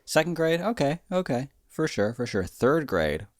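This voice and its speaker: A man's voice: fairly high pitch, sing-song, moderate pace, no echo. A man co-hosting a comedy podcast, telling a rambling, profane story full of filler words. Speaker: podcast co-host.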